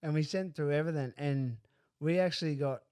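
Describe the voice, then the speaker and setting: A man's voice: a little high, fairly quick, mellow, clean tone, dry recording. A man hosting a podcast in easygoing chat, chuckling along with his guest. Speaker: podcast host. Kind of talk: casual chat.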